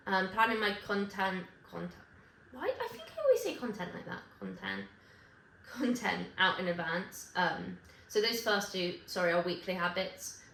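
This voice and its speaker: A woman chatting to camera in a loose, rambling way, stopping to correct herself and toss in little asides. Her voice is mid-pitched and bounces around an echoey room with a faint hum of ambience behind it. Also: big pitch swings, normal speed, a bit bright. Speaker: vlogger. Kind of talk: casual chat to camera.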